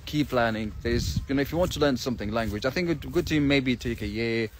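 A man chats loosely to his viewers while strolling outdoors around a farm. His talk wanders, full of fillers and restarts. He speaks at a middling pitch into a handheld phone, with plenty of outdoor noise behind him. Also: fast. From England. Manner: chatty, rambling, many fillers. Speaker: English teacher vlogger. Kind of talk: casual walking vlog.

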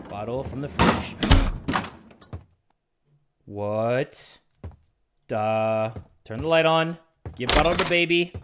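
A young man talks over a horror game in loose, slangy commentary, his pitch swooping up and down. He talks slowly and reads the prompts out loud, and he yelps when something scares him. A steady hiss of noise runs under his voice. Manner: casual slangy chatter. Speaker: gaming YouTuber. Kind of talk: let's play commentary.

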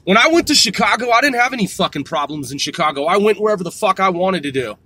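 A man's voice: high-pitched, lively intonation, quick pace, bright, forceful tone. A man in his forties ranting to camera, boastful and trash-talking, swearing constantly and tacking "man" onto his lines. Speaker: vlogger. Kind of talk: profane boastful rant to camera.

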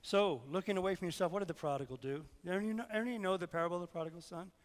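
A male pastor giving a conversational sermon while fighting a sickness, his throat hoarse; he puts questions to the congregation and swings from loud, urgent lines to hushed ones. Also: sits high, very fast, in a large hall.

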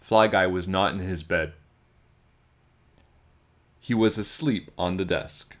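A man reading a children's storybook aloud, with slow, expressive storytelling. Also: low voice. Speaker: children's book reader.

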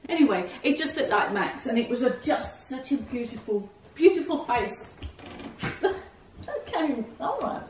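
A woman's voice: high voice, expressive, unhurried, a little hiss or hum. A woman chatting casually to camera from her couch at home, laughing often and coaxing her dogs to settle between remarks. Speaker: vlogger. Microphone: camera set a few feet away. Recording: roomy, from a distance.

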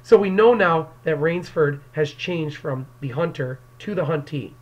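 A male English teacher, fairly high-pitched and measured in pace, delivers a recorded lecture to his class via an external mic. Speaking directly to the students, he explains the story and acts out quotations, all on dull-sounding audio.

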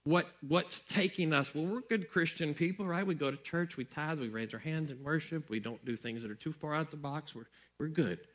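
A man's voice: fairly high pitch, moderate pace, hardly any pauses, a bit bright. Preaching man, repetitive and earnest. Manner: conversational preaching, repeats phrases for emphasis. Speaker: pastor. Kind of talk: sermon.

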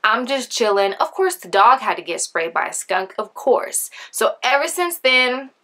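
A young woman vlogger telling a story casually, chatty and animated, with lots of filler words. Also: on the high side, moderate pace. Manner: chatty, animated, acts out quoted voices; heavy use of filler like.

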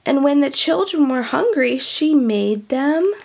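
A woman with a high voice reads a picture book aloud to children, slowly and warmly explaining words as she goes. Her tone is gentle, chatty and teacherly. There is a light gravelly fry in her voice. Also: animated. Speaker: children's storyteller.

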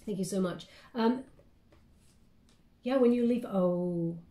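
A woman's voice: medium pitch, slow, dark tone. A woman giving a casual spoken tarot reading, chatty and meandering, often checking in with her listener. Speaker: tarot card reader. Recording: roomy echo.

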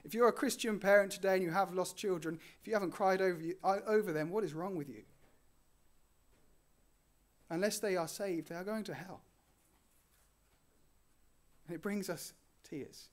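A male preacher with a fairly high voice delivers a sermon in an earnest way. He swells on important words and then sinks to quiet, low endings. His pitch sits above most men's. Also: normal speed, long pauses. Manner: earnest, rising on key phrases and dropping softly at line ends.

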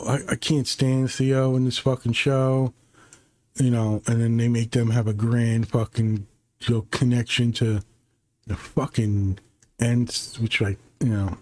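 Male host, frustrated and foul-mouthed, warm low-key tone, dry close sound. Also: no echo. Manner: profane, exasperated and rambling. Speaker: channel host reviewing a TV series. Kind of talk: unscripted critical review.

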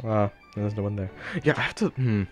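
A man's voice: lowish voice, brisk, soft background music. A man chatting casually with friends on a voice call before a tabletop game, rambling and laughing often. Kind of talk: casual chat over voice call.

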